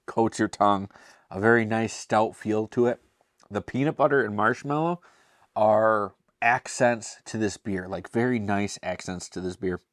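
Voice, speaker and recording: A man hosts a laid-back beer tasting review in a fairly low voice. He talks enthusiastically and chattily, with self-deprecating asides. The recording is dry and close, with no room sound. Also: a little slow, dry recording. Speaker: beer reviewer and show host.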